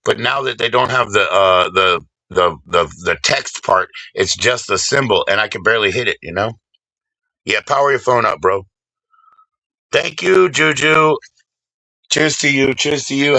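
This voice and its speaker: A man streaming live, rambling and swearing casually while he shouts out viewers by name. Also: fairly low pitch, no room sound, low-quality recording.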